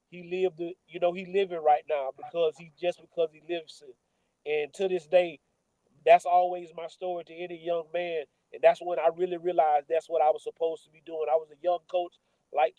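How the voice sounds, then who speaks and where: A man in his forties with a fairly high, mellow voice, recounting a personal story as a football coach on a sports talk show. He speaks casually, often pausing on "uh" and restarting his sentences. The sound is close and dry. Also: dry recording, rough recording. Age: 40s. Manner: conversational, many filler "uh"s and restarts.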